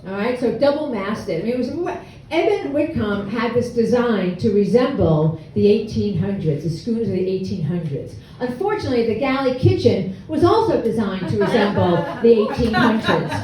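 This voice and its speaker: A woman's voice: fairly high pitch, expressive, normal speed, few pauses, dark tone. A woman in her sixties telling a humorous, self-deprecating story at a live storytelling event. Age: 60s. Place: hall with an audience. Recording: echoey room, mic from far off.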